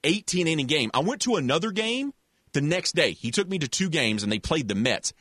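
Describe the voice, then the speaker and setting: A man telling a long childhood story in a relaxed, casual chat, full of restarts and little voices for other people. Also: on the high side, brisk, slightly rough, no echo, studio quality. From American South. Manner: animated storyteller with many restarts, acts out voices.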